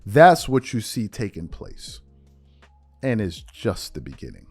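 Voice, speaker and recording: A man hosting a sports commentary show, ranting in an animated, mocking way that swings between low mutters and loud outbursts. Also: measured pace, slightly rough, soft background music.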